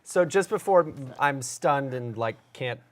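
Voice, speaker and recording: A player in a tabletop role-playing game, reacting quickly and chatting casually. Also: mid-range voice, expressive.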